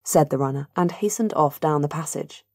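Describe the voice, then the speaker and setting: A woman narrating a fantasy audiobook in an even, measured way. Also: low voice, creaky, no room sound, studio quality. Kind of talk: scripted narration.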